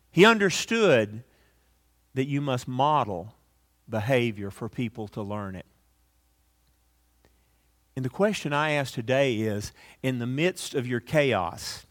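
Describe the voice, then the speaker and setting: A middle-aged male pastor delivering a sermon with emphatic rises and soft, hushed drops. His voice sits at an everyday male pitch. He closes by leading a prayer. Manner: emphatic preaching that swings from loud peaks to hushed, near-whispered prayer.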